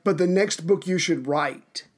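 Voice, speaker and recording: A man's voice: sits high, unhurried. Wisecracking man on a chat podcast. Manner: wisecracking, chatty interjections. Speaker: podcast co-host. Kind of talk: casual podcast banter.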